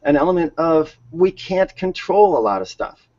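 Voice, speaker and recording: A man's voice: fairly high pitch, sing-song, normal speed, darkish tone. A man co-hosting a casual conversation, chatty and given to repeating words as he tells stories. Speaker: co-host. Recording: dull lo-fi sound.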